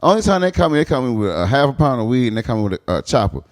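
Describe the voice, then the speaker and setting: A man's voice: mid-range voice, very fast. A man who is a stand-up comedian, guest on a podcast, telling crude stories with plenty of laughter and acted-out quotes. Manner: animated, acts out quoted lines, laughs often.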